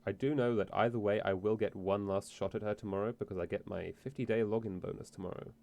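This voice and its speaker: A man's voice: fairly low pitch, fast talker, creaky, hardly any pauses, darkish tone. A man streaming a game, chatting casually in a rambling, profane, self-interrupting way. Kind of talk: casual let's-play chat.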